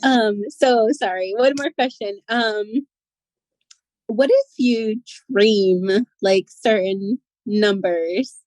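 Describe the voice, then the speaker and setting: Mulher hesitante de fala lenta. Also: female voice, mid-range voice, slow, darkish tone, dry recording, poor audio. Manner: hesitant, many ums.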